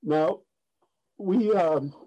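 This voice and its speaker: A man's voice: high-pitched, very slow, warm tone, muffled recording. A man giving an earnest personal testimony at a recovery meeting, speaking plainly with frequent restarts and a folksy joke. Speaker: speaker sharing his story at a recovery meeting.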